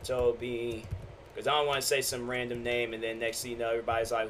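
Laid-back bright-voiced young man. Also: little pitch movement, fast, slight background noise. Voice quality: deep voice. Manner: laid-back slangy storytelling, acts out quoted exchanges. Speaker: podcast host. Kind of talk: casual storytelling monologue. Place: home, at a laptop.

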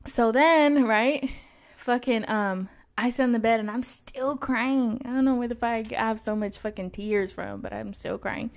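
A woman's voice: a little high, moderate pace, gravelly. A young woman speaks with blunt, profane candor as she co-hosts a podcast. She tells her story animatedly, piling up swear words. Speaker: podcast co-host. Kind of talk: candid casual chat.

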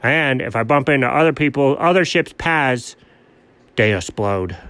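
A man's voice: expressive, a bit bright, no room sound, lightly acted. A man voicing a dreamy, self-important dog who calls himself an admiral in a comedy sketch. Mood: pompous. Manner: low, slow, grandly self-important. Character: dreamy, pompous male dog posing as a sea admiral. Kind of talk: comedic two-character sketch.

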